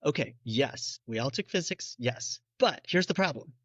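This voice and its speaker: A man's voice: medium pitch, lively intonation, moderate pace, a bit bright, dry recording, highs cut off. A man who is a bariatric physician, patiently explaining in a podcast interview and acting out his patients' questions.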